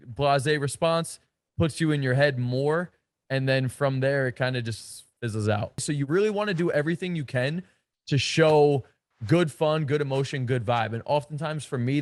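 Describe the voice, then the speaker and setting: A man's voice: fairly high pitch, no echo. A man giving a casual coaching talk as a dating coach, blunt and slangy, with frequent swearing and emphatic stresses.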